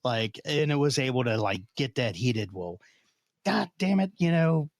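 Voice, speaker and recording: A man chatting casually on a podcast. He talks haltingly, restarting his sentences and filling gaps with "uh", in a grumpy, curmudgeonly way. His voice sits at a middle pitch, recorded close and dry. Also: expressive, dry recording. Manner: halting, many fillers and restarts, self-described curmudgeon. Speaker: podcast co-host, tabletop player. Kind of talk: casual chat.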